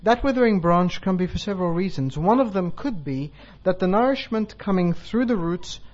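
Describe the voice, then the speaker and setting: Bishop, man, casual self-mocking preacher, fairly high voice, muffled recording. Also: lively intonation, normal speed, a little mellow. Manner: chatty, self-deprecating, laughs at own joke. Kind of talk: sermon with a joke. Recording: dull lo-fi recording.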